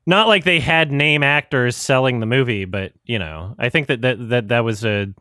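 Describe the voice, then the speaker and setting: A man's voice: mid-range voice, moderate pace, pushed and bright, clean tone, no room sound, clean studio sound. A man co-hosting a podcast, telling a rambling story in casual chat, laughing often and restarting sentences. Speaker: podcast co-host.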